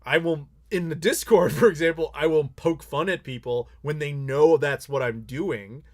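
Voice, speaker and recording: Candid, outspoken man with a higher voice. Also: moderate pace. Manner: candid, blunt, swears freely, animated storytelling. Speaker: YouTuber host. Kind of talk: casual live Q&A chat.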